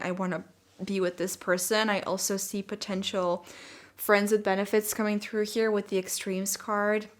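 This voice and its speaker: A young woman giving a casual tarot reading, talking in a soft, gentle and reassuring way. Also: mid-range voice. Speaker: tarot reader.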